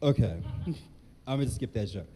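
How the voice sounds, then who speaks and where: A man performing a stand-up set, soft-spoken and dry at a live comedy venue. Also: fairly low pitch, lively intonation, fairly quick, slightly rough, low-quality recording.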